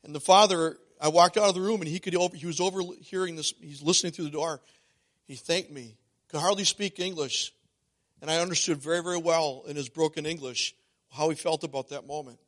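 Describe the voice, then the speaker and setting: A middle-aged man with a high voice delivers a sermon from the pulpit of a church. He is animated and talks straight to the congregation, asking them questions. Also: fairly quick. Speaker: pastor. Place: church sanctuary.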